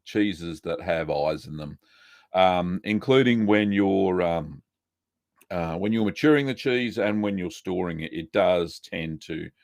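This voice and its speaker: A man hosting a live cheesemaking Q&A, relaxed and chatty, reading out viewer messages with lots of ums. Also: low-pitched, creaky, no echo, studio quality. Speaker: cheesemaking show host answering live chat. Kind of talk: casual live-stream Q&A.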